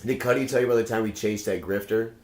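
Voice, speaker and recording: A man tells a rambling, profanity-laced story at a rapid clip, acting out what everyone said. The room around him rings with a noticeable echo. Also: fairly low pitch, fairly even intonation. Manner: rambling, swears a lot, acts out quoted lines. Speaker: podcast guest. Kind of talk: casual storytelling chat. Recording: roomy echo.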